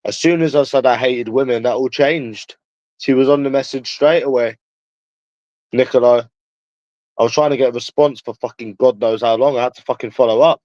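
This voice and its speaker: A man's voice: medium pitch, fairly even intonation, moderate pace, darkish tone, dry recording. A man with a London accent talking casually to viewers in a rambling, crude way, swearing freely. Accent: London English. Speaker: livestreamer. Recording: dull lo-fi dry sound.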